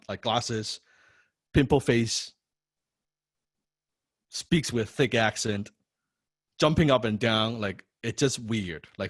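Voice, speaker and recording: A man teaching a copywriting course, telling a personal story in an animated, profane way, often repeating words and tagging lines with "right?". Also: fairly low pitch, no echo, studio quality. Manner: frequent rhetorical "right?". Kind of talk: personal story told in a lecture.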